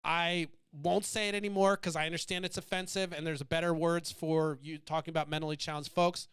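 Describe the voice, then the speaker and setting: High, bright-voiced man ranting bluntly. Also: clean tone. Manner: blunt, provocative, swearing freely, goes off on tangents. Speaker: podcast host. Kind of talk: profane political rant.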